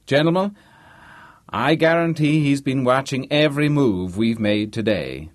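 A man's voice: mid-range voice, lively intonation, measured pace, no echo, studio quality, voice pushed up, lightly acted. A man voicing a brash, wealthy businessman with an American accent who talks expansively. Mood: breezy. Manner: expansive, breezy.

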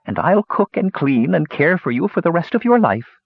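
A man voicing a tiny, doting old woman with a shrill, scratchy voice that fusses over everyone, read in a storybook. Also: big pitch swings, moderate pace, creaky, husky, dry recording, exaggerated voice. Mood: tender. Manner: cloying, fussing, teeth clicking. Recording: dull lo-fi recording.

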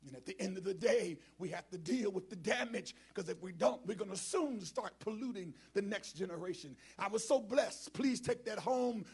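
Gravelly high-voiced preaching bishop. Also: male voice, lively intonation, normal speed, few pauses. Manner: swings from low muttered asides to shouted preaching. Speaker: bishop preaching as guest speaker. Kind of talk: black church sermon with call and response. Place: church sanctuary with congregation.

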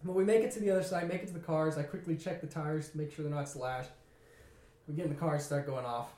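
A young man casually telling a story in a lively way, acting out what people said. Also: on the high side, quick pace. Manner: animated, laughing, acts out quotes. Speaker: podcast co-host telling a story. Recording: echoey room.

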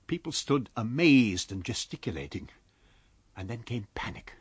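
A male audiobook narrator reads in an expressive, storytelling way, and his pitch rises and falls a lot. His voice has a slightly husky edge. The reading sounds close and dry, with no room around it. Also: dry recording. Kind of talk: scripted narration.

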